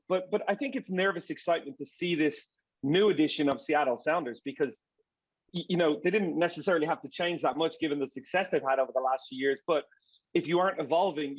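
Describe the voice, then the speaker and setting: A man with a fairly high voice talks soccer on a panel in an animated way, often restarting his words. His audio is muffled and dull, and it sounds dry and close. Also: fast talker, no room sound. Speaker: soccer broadcaster. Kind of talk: casual panel discussion.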